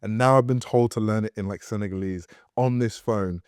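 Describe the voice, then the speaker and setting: A man, a podcast guest telling animated stories with many fillers and restarts, and laughing often. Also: fairly low pitch, a little fast, smooth, no echo, studio quality. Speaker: guest, actor and studio founder. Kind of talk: casual podcast storytelling.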